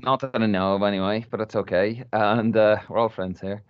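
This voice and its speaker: Low-voiced irish guy telling a story on a podcast, swears a lot, muffled dry sound. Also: a little fast, clean tone, dry recording. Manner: animated anecdote-telling, swears freely, laughs. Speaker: podcast co-host. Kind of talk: casual chat, storytelling.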